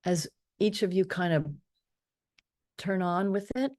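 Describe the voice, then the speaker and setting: A woman leading a guided meditation, speaking softly and slowly and often slipping into a whisper. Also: on the low side, fairly even intonation. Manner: slow, soft and drifting, often dropping to a whisper on affirmations. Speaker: spiritual teacher leading a meditation.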